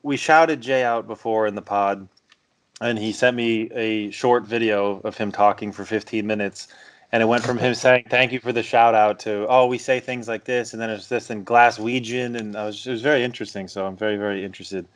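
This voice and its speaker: A man's voice: lowish voice, fairly even intonation, a little fast. A man hosting a podcast in casual chat, upbeat and laughing often. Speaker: podcast host.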